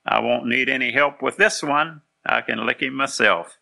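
A preacher voicing a big, rough, boastful schoolboy in a sermon story, talking bluntly. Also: male voice, mid-range voice, normal speed, sharp tone, voice pushed up, heavily acted.

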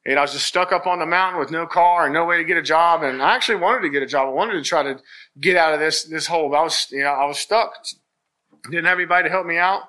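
A man's voice: on the high side, quick pace, pushed and bright. A man giving a personal church testimony, telling his story in an earnest, rambling way with many restarts. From Virginia, US.

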